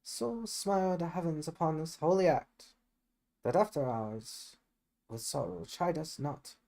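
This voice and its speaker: A solemn older friar counselling in a grave, measured way, often dropping to a softer voice, as a man reads him. The delivery is slow, as in an amateur reading of a Shakespeare play. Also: on the high side, animated, voice pushed up.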